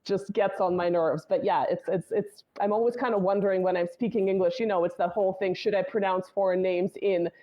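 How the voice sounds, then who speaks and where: A woman's voice: medium pitch, steady tone, fairly quick, hardly any pauses, warm tone. A woman whose first language is Russian, chatting casually as a guest in an interview, wry and talkative, often tagging her points with "right?". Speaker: guest commentator.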